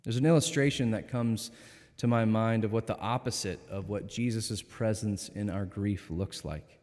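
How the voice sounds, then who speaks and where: A man preaching a sermon in a church, speaking in a measured, earnest and gentle way. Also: lowish voice, steady tone. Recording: long reverb of a church.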